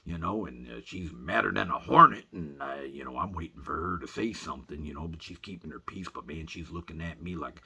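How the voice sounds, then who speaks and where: A man telling a rambling comic story in a folksy way, filling every pause with "you know", as a voice-over for photos. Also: very deep voice, expressive, creaky, bright, forceful tone, husky.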